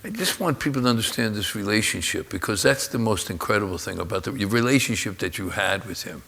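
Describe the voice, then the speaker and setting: A man's voice: fairly low pitch, expressive, quick pace, gravelly, sharp tone. A man in his seventies interviewing a friend on stage, with apologetic interjections and easy laughter. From United States. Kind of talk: live conversation on stage.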